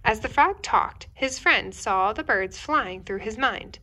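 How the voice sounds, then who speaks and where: A young woman, a teacher, reading a picture book aloud to children indoors in a gentle, expressive way, speaking to the kids directly. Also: on the high side, measured pace. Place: indoors at home.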